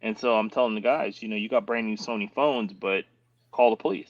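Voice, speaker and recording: A male guest on a casual chat stream telling animated stories and acting out the voices of other people. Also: on the low side, fairly quick, no room sound. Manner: animated, acts out quoted voices. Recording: dull lo-fi with faint hiss.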